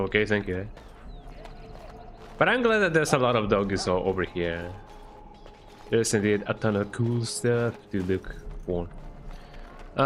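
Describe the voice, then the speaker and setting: Verspielter männlicher Streamer. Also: male voice, lowish voice, fairly bright tone, slight background noise. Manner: playful, reading dialogue aloud, ending lines with "eh?". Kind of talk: casual let's-play commentary.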